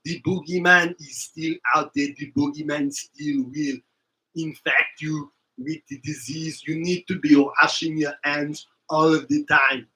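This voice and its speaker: Man impersonating an older action-hero muscleman, slow emphatic repeated lines, raised pitch, bright tense tone. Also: fairly even intonation, poor audio. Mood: mock-serious. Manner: slow, emphatic, repetitive pronouncements. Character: older male action-movie muscleman with a thick accent. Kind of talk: comic impression on a livestream.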